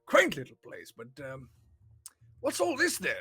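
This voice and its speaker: A man voicing an eccentric, bumbling old male wizard professor with a booming, chuckling, theatrical manner. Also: huge pitch swings, slow pace, sharp tone, husky, dry recording, heavily acted. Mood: delighted.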